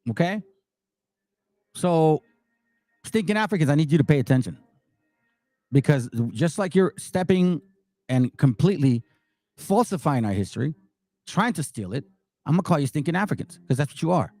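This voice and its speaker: A man's voice: on the high side, animated, moderate pace, long pauses, mellow, dry recording. A man giving heated commentary and reading passages aloud, angry and emphatic, repeating words for stress. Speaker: commentary host.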